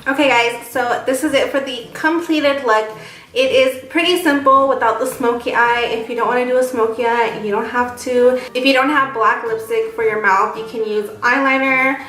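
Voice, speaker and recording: A young woman in her twenties rambles and jokes at her own expense while doing her makeup for a get-ready-with-me vlog. Her voice is on the high side and fairly bright, with fairly even intonation and a moderate pace. She's captured from far off in a very echoey room.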